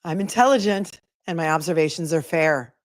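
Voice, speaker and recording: A woman attorney hosts a casual livestream, talking straight to her viewers with wry, playful asides. Her voice sits on the low side, and the sound is dry and close to the mic. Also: moderate pace, no echo.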